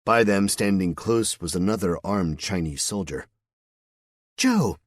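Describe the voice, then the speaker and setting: An audiobook narrator with a low, husky male voice reads scripted narration as a steady storyteller. He speaks at normal speed in a dry, clean studio recording.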